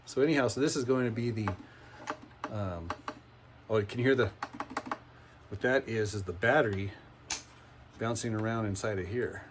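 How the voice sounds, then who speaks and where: A man's voice: fairly low pitch, normal speed, long pauses, noisy background. Chatty man demoing a homemade guitar. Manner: chatty, rambling, self-correcting. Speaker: cigar box guitar builder. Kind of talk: casual workshop demonstration. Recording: guitar music playing behind.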